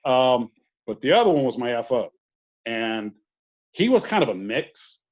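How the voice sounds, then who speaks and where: A man tells a meandering story in a relaxed, folksy way, his voice sitting at an ordinary middle pitch. The sound is dull and lo-fi, as if from an online call. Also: a little slow. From southern US. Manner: rambling storyteller, folksy asides. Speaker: guest. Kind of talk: casual conversation.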